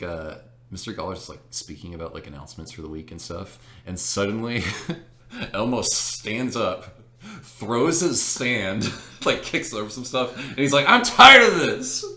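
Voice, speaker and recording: Deep-voiced young man telling stories. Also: measured pace. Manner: animated, laughing, with many fillers. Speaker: storyteller. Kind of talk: casual storytelling chat. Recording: echoey room.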